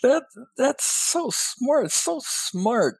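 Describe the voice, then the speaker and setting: A man who is a regular guest on a radio talk show, speaking casually in a halting way with many fillers. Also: extremely high pitch, big pitch swings, gravelly, husky, no echo.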